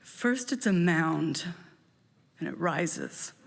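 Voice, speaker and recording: A woman telling a personal story on stage in a lively, animated way, acting out the scenes. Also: deep voice, extremely slow, gravelly, in a large hall. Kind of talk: live storytelling performance.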